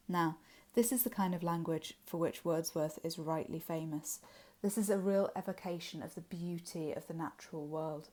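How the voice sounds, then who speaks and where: Low, mellow-voiced English woman teaching poetry. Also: fairly even intonation, moderate pace, hardly any pauses. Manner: explanatory, with frequent ums and uhs. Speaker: literature teacher. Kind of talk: revision lesson walkthrough.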